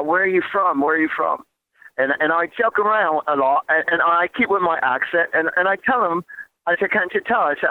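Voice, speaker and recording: A man's voice: fairly high pitch, dry recording. A man with a New Jersey accent hosting a radio show, rambling casually with lots of fillers and restarts. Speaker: radio host. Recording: tinny phone-like radio line.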